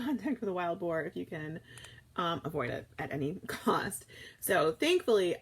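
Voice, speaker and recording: A husky, medium-pitched woman in her thirties, a food vlogger, hosts a live morning chat stream. She talks casually and rambles, filling the air with fillers and restarts.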